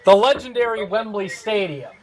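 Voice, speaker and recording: A man's voice: high voice, lively intonation, moderate pace, a crowd in the background, poor audio. A man hosting a casual online panel chat, rambling and hedging with fillers. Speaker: host.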